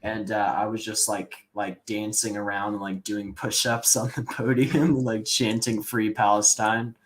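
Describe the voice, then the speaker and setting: A man's voice: lowish voice, level tone, moderate pace, low-quality recording. A young man co-hosting a casual podcast, talking loosely with many fillers. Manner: loose and rambling, lots of fillers. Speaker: co-host.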